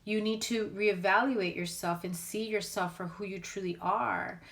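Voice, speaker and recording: A woman's voice: mid-range voice, steady tone, moderate pace, creaky, fairly bright tone. A woman giving a casual spoken tarot reading to her viewers, blunt and candid, speaking straight out. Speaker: tarot reader.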